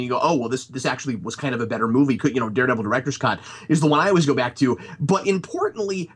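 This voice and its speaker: A man's voice: fairly high pitch, fairly bright tone, breathy edge. A man in a casual podcast chat, giving a rambling critique of a movie with lots of restarts. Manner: rambling, many restarts and fillers.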